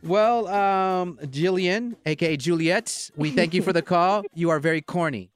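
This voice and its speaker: A man hosting a morning radio show, teasing callers and laughing through lively banter. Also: high-pitched, measured pace, clean tone, dry recording, faint music behind.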